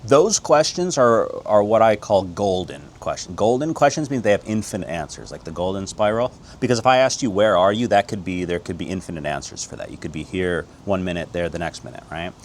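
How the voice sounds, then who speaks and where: A middle-aged American man giving an upbeat, casual Spanish lesson. He moves quickly between English explanations and slow, drilled Spanish phrases. His voice sits low, with a faint hum of ambience behind him. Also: lively intonation. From United States. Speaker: Spanish teacher.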